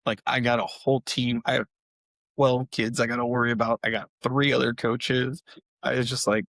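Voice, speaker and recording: A man in his thirties, a podcast co-host and youth softball coach, chatting casually and acting out quotes in a raised voice. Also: mid-range voice, moderate pace, gravelly, no room sound. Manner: animated, acts out quotes in a raised voice. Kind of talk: casual chat.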